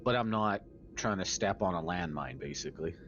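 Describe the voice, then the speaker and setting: A man's voice: fairly low pitch, expressive, brisk, creaky, fairly bright tone, lo-fi sound, a little hiss or hum. A man playing a tabletop game, casual and loose, laughing easily and swearing. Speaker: player.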